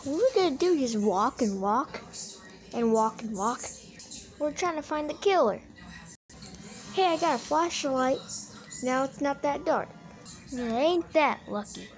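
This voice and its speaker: A woman's voice: high-pitched, animated, measured pace, long pauses, faint music behind. A woman giving silly, playfully dramatic commentary while playing a horror game, joking her way along. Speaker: game video creator.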